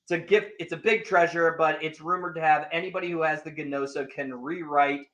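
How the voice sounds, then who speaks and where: A man with a fairly high speaking voice hosts a relaxed anime discussion. He retells episodes with lively energy and acts out the characters' dialogue as he goes. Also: brisk, muffled recording. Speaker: podcast host. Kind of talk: casual anime review chat.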